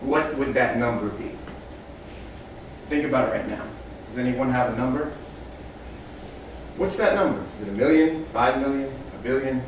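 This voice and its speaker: A medium-pitched man speaking at normal speed, with frequent pauses, gives a motivational talk to a small roomful of people. He narrates animal tales and voices the creatures with big changes in energy. There's a little hiss or hum, plenty of room echo, and he's far from the mic.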